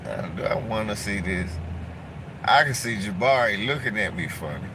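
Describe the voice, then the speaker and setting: A man's voice: lowish voice, lively intonation, normal speed, noisy background. A man giving casual, mocking reaction commentary in a drawling, profane way from a car.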